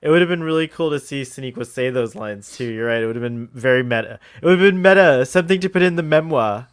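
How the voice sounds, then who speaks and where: A man's voice: medium pitch, expressive, fast talker, clear, resonant tone. Giggly man co-hosting a chat. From Florida. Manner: laughs often, chatty and teasing. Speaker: podcast co-host. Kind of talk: casual chat.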